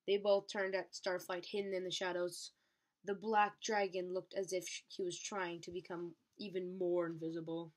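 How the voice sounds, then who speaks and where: A woman reading a novel chapter aloud at a steady pace. She stumbles on a word now and then and corrects herself. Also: fairly low pitch, normal speed. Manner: steady, occasional slips and self-corrections. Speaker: reader.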